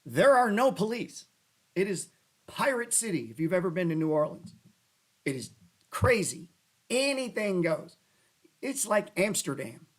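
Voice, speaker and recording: A man hosting a casual stock trading show, rambling and cursing as he talks through charts and breaks into loud rants. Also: high voice, husky. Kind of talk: casual livestream chat over stock charts. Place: lives in New Orleans.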